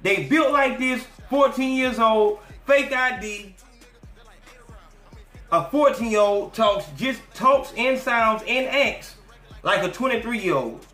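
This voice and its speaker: High, bright-voiced man ranting on a podcast. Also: slow pace, roomy sound, faint music behind. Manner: animated, profane, mocking, slips into quoted voices. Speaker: podcast host. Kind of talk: profane commentary rant.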